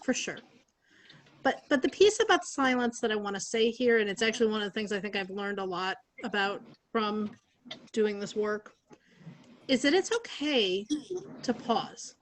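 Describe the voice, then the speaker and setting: Woman facilitator, calm and reflective, video call, slight background noise. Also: mid-range voice, normal speed, rough recording. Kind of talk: reflective group teaching.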